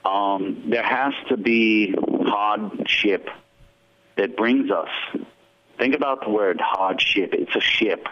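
A man calling in to a radio show, musing slowly and philosophically. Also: fairly low pitch, fairly bright tone. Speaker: radio caller. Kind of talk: call-in monologue. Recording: dull phone-in line.

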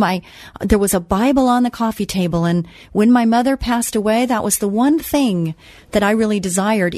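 A woman's voice: medium pitch, darkish tone, dry recording. A woman hosting a Christian radio talk show, telling a personal story in a chatty way with frequent restarts.

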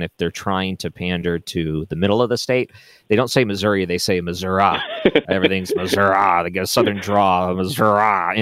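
A man hosting a late-night radio talk show, relaxed and often laughing as he chats. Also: low-pitched, dry recording.

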